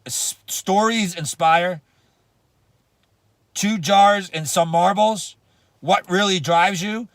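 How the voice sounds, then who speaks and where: A man's voice: high voice, slow, pauses often, fairly bright tone, no room sound. A man giving a motivational business talk, emphatic and slangy, repeating phrases for punch. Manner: slangy, casual grammar. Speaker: network marketing speaker.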